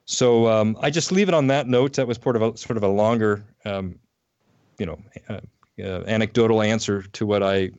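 Low-voiced man telling a story. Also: moderate pace, a little mellow, smooth, dry recording, muffled recording. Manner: anecdotal, hesitant with fillers. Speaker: teacher, podcast guest. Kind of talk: storytelling on a phone call.

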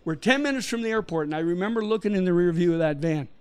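High-voiced storytelling man from Canada. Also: fast talker, smooth. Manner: animated storytelling, acting out quoted voices. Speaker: missionary guest. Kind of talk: storytelling interview.

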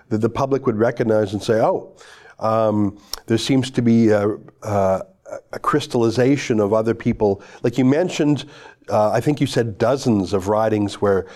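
A man's voice: medium pitch, mellow. A male interviewer pressing a guest with stacked follow-up questions. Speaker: interviewer, host. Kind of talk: political interview.

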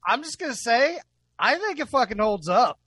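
A man's voice: extremely high pitch, very animated, normal speed, sharp tone, breathy edge, no echo. A man co-hosting a podcast, chatting casually and enthusiastically, swearing and laughing often. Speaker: podcast co-host.

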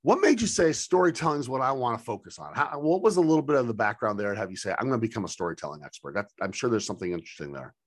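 A man's voice: medium pitch, expressive, rapid-fire, hardly any pauses, no room sound. Hyped-up male podcast host. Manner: enthusiastic, hyped-up. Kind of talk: energetic podcast interview.

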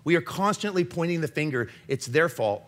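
A man giving an impassioned faith talk as a Christian author, earnest and confessional, swinging between urgent and hushed. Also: on the high side, expressive, brisk.

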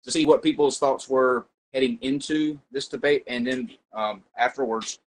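A man's voice: medium pitch, steady tone, normal speed, slight background noise, rough recording. A man hosting a casual chat show, joking around and rambling with lots of fillers. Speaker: host.

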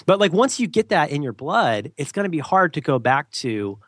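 A man co-hosting a podcast, talking in an animated, emphatic casual rant and slipping into mock voices. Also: on the high side, moderate pace, no room sound, clean studio sound. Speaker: podcast co-host.

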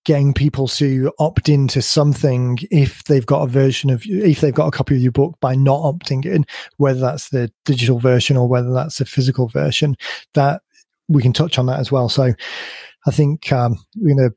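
Man, podcast host, croaky, mellow tone, dry sound, emphatic explainer. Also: medium pitch, steady tone, a little fast, no room sound. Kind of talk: conversational podcast discussion.

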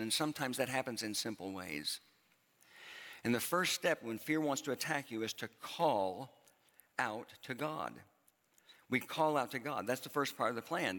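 A man's voice: mid-range voice, bright, forceful tone. A man preaching a sermon from a church stage in a conversational way, repeating phrases for emphasis. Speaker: pastor. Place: church auditorium with long reverb. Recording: reverberant hall.

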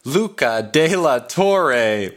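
A man's voice: medium pitch, sing-song, drawn-out words, a bit bright. A man co-hosting a podcast in a playful, rambling casual chat. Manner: playful, rambling, with restarts and jokes. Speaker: podcast co-host.

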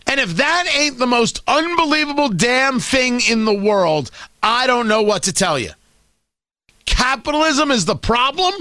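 A man hosting a talk show, delivering an animated, sarcastic political rant. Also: very high voice, moderate pace, dry recording, studio quality. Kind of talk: opinionated political monologue.

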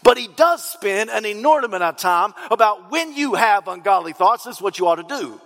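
A man's voice: high-pitched, lively intonation, fairly quick, a bit bright, faint music behind. A man preaching a sermon as pastor, emphatic and repetitive, sometimes rising into sung cadences, in a church sanctuary. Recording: long reverb in a large hall.

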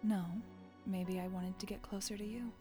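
A woman's voice: medium pitch, fairly even intonation, normal speed, mellow, breathy edge, faint music behind, lightly acted. A woman voicing a sly teenage girl radio host who teases and deflects, in a tabletop role-play. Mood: teasing. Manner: cool, teasing, coy.

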